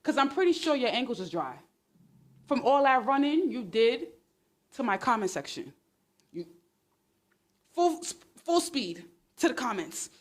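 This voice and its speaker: Woman, livestream host, sarcastic, animated, exclamatory, fairly high voice, phone mic. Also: unhurried, long pauses. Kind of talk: casual livestream chat.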